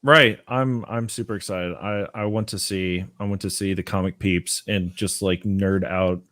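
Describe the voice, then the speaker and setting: A young adult man from Texas hosts a laid-back, casual chat, rambling loosely and using lots of fillers. His low voice holds a steady tone at normal speed and sounds fairly bright. The recording is studio quality with no room sound.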